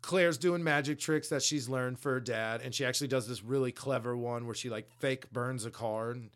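A man's voice: medium pitch, steady tone, normal speed, fairly bright tone. A man co-hosting a podcast, casually retelling a story in loose, slangy language with frequent swearing. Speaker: podcast co-host. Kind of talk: casual chat recapping a story.

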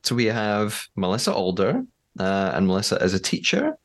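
A man with a fairly low voice hosts a podcast in a loose, chatty way. He laughs easily and fills pauses with "uh" and "um". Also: big pitch swings. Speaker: podcast host. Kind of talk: casual podcast chat.

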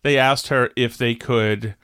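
Speaking a little slowly, a podcast co-host trades casual banter, rambling sarcastically with stammered restarts. He has a medium pitch, fairly even intonation, and a fairly bright, clean tone. The recording is dry and studio quality.

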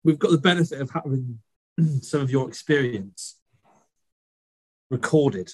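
A man's voice: medium pitch, measured pace, a little mellow, no echo, low-quality recording. A man co-hosting a podcast, casually chatting and reacting with short, encouraging replies. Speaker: podcast co-host. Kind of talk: casual chat.

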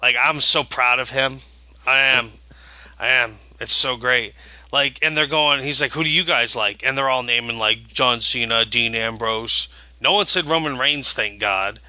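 A man's voice: medium pitch, moderate pace, pushed and bright, dry recording, rough recording. A man in his thirties, a podcast co-host, telling a rambling, eager story with many restarts. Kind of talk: casual podcast chat.

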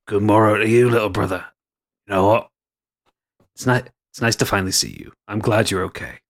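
A man's voice: fairly even intonation, a little fast, natural voice. A man voicing a theatrical, mocking older brother with a Cockney accent in a tabletop game. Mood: fussy. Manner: theatrical, mocking, exaggerated swings in pitch.

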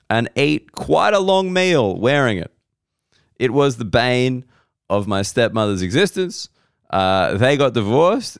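A man's voice: on the low side, smooth, dry recording, studio quality. An Australian man, a comedian, telling rambling comic stories on a podcast, wry and sweary with frequent restarts.

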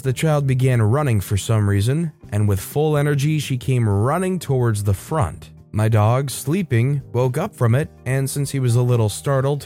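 A man with a mellow, dark voice reads a story aloud as scripted narration. His telling is relaxed and easy, and he sometimes slows down for effect. Faint music plays behind him. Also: mid-range voice.

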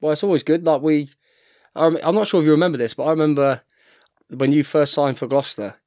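A man's voice: a little high, fairly even intonation, fast talker, darkish tone, no room sound, studio quality. An English man in his thirties telling stories in a casual podcast chat, laughing often and calling his friend "mate". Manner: chatty, laughs often, says "mate" a lot. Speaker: podcast guest, rugby player.

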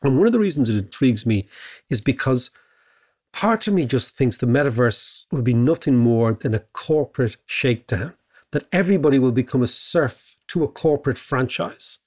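A middle-aged Irish man co-hosting a podcast in casual chat. He muses aloud and keeps checking in with a quick "right?". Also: medium pitch, lively intonation, darkish tone. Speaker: podcast co-host.

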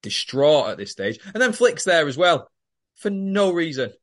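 A man's voice: a little high, moderate pace. Chatty man, sweary recap. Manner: sweary, animated storytelling. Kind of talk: casual recap chat.

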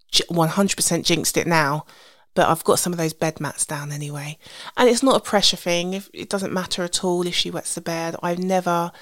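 A woman in her thirties hosting a podcast, rambling casually with restarts and soft asides. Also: sits low, no room sound, clean studio sound. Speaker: podcast host. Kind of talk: casual solo podcast monologue.

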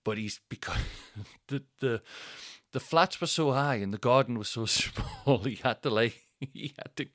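A man spins a comic story on his own podcast, breaking into laughter and jumping into other people's voices. His pitch sits mid-range for a man. The sound is dry and close to the mic. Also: unhurried, fairly bright tone, dry recording. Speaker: stand-up comedian, podcast host.

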